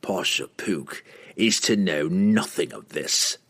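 A man reading an audiobook, voicing a grim male assassin with a slow, low growl. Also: exaggerated voice.

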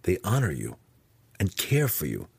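A man reading aloud, voicing an earnest young male dark elf warrior who speaks with pressing intensity. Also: low voice, wildly swooping pitch, normal speed, gravelly, breathy edge, no echo, exaggerated voice. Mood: intense.

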